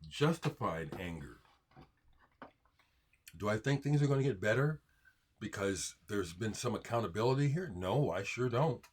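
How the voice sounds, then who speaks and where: An American man hosts his own video, answering viewer comments in an unscripted monologue to camera. His lowish, expressive voice moves at a moderate pace with many pauses, a little hiss or hum in the background, as he rants emphatically and keeps restarting out of frustration.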